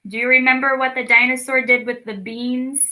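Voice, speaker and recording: A young woman leading a children's lesson, stretching words out slowly and cheering the kids on. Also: high-pitched, flat delivery, pushed and bright, low-quality recording. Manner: slow, drawn-out words for children, encouraging. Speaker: speech clinic storytime teacher. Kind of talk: children's lesson, clapping out syllables.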